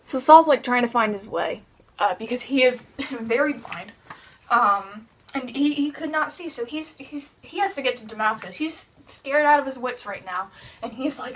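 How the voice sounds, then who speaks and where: Woman, children's Bible teacher, animated storytelling, fairly high voice. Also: moderate pace, distant mic. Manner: lively, animated storytelling with restarts.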